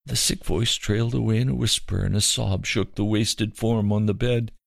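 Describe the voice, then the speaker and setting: A man reading a story aloud in an earnest, measured way. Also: fairly low pitch, fairly even intonation, creaky, dry recording. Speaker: reader. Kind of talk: storytelling narration. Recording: dry close recording.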